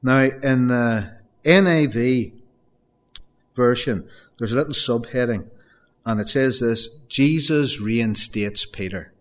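A man's voice: mid-range voice, slow. Earnest preacher man calling out to folks. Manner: earnest, builds to emphatic raised peaks; addresses the congregation as folks. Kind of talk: sermon.

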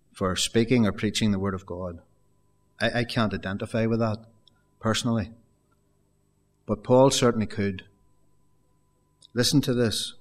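A male preacher giving a sermon, reading scripture with rising emphasis and speaking to the congregation as folks, sometimes stammering and repeating words. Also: medium pitch.

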